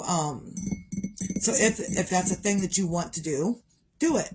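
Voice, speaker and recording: A middle-aged woman vlogging in a chatty, rambling way. Her voice sits fairly low, and she laughs easily at her own jokes while she talks to her viewers. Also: darkish tone. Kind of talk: casual daily gratitude vlog.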